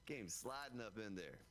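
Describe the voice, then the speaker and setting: A man with a sharp, mid-range voice streams a game live, commenting as he plays into a broadcast dynamic microphone with slight background noise. He's chatty, talking straight to his viewers as folks.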